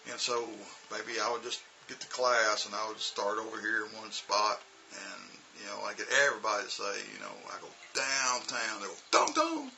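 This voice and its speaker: Gravelly low-voiced man rambling. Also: brisk, few pauses, a little hiss or hum. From United States. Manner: rambling and relaxed, full of "you know" and "uh" fillers. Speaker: English teacher. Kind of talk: casual storytelling vlog.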